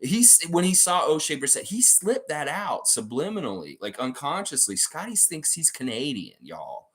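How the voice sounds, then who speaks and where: A man's voice: a little high, big pitch swings, moderate pace, a bit bright, breathy edge. A man hosting a fan livestream, reading viewer comments aloud and reacting in casual chat.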